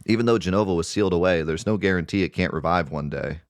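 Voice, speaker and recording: Man voicing a gentle, devoted young mother. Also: sits low, quick pace, no room sound, studio quality. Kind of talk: reading game dialogue aloud.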